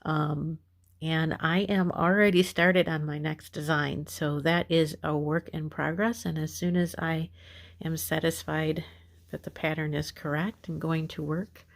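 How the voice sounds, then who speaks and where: Slow, low, gravelly-voiced crochet teacher woman. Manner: patient, repetitive instructions with frequent fillers. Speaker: crochet instructor. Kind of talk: step-by-step craft tutorial.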